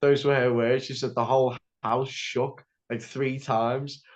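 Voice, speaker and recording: A young man's mid-range voice comes across flat and measured as he rambles through a story in a casual podcast interview. He restarts frequently and relies heavily on "like," and the lo-fi audio is slightly dull.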